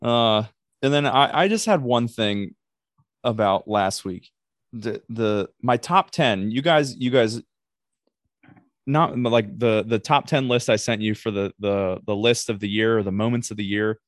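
A man hosting a casual podcast chat, getting animated as he defends himself. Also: on the low side, unhurried, dry recording, clean studio sound. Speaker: podcast host.

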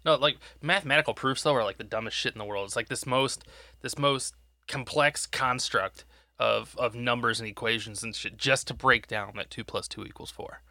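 Bright-voiced man chatting casually. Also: mid-range voice, normal speed, dry recording. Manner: chatty, explains things, laughs along. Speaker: podcast co-host. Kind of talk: casual profane chat.

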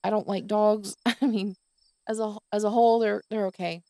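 A woman's voice: medium pitch, steady tone, normal speed, dark tone, dry recording, studio quality. A woman hosting her own podcast, venting in a tired, exasperated monologue full of swearing. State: exhausted. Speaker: podcast host.

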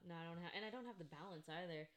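A woman's voice: fairly low pitch, racing, a loud crowd. Chatty, giggly woman. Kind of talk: casual chat among friends.

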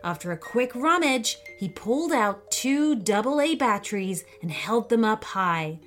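A woman reading a children's storybook aloud in an expressive, unhurried way. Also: fairly high pitch, soft background music.

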